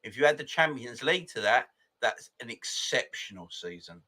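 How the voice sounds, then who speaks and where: Excitable forty-year-old man. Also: medium pitch, normal speed. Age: 40s. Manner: excitable, laughs often, greets viewers by name. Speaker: football fan channel host. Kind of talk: casual live chat reading viewer comments.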